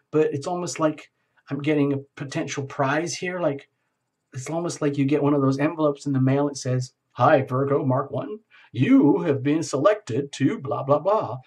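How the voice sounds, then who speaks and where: A man's voice: medium pitch, a little mellow. A man giving a solo tarot reading, enthusiastic and rambling, often repeating his phrases. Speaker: tarot reader.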